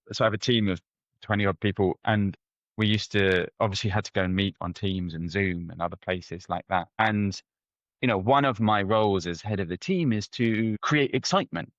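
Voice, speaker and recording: A man, a guest anthropologist, answering interview questions in a conversational, animated storytelling way with frequent restarts. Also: on the low side, no room sound, dull audio. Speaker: head of ethnography, guest.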